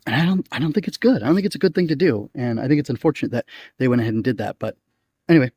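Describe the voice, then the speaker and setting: A man's voice: medium pitch, lively intonation, rapid-fire, mellow, husky, no echo, muffled recording. Rambling man, casual podcast review. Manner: rambling, with frequent ums and likes. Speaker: podcast host reviewing episodes. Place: outdoors in nature.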